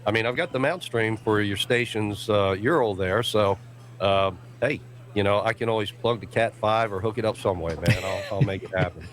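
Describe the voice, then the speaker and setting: A middle-aged man with a deep voice, co-hosting a radio show, chatty and joking. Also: normal speed, fairly bright tone. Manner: jokey, chatty storyteller. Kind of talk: casual radio chat.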